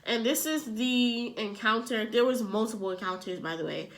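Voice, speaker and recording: A young adult woman vlogger telling a personal story in casual chat, animated and filling her talk with "like". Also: fairly high pitch, moderate pace. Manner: chatty, animated, fills with "like".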